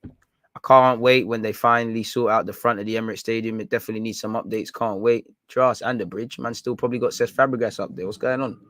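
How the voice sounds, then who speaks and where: A man's voice: fairly low pitch, steady tone, fast talker, a bit bright, no room sound, studio quality. A man hosting a fan live stream, chatting casually in slang and reading out viewer comments. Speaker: fan channel host.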